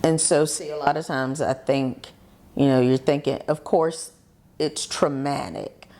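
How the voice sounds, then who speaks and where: A woman's voice: low-pitched, steady tone, a little slow, dark tone. A woman host interviewing a guest, offering many short encouraging affirmations.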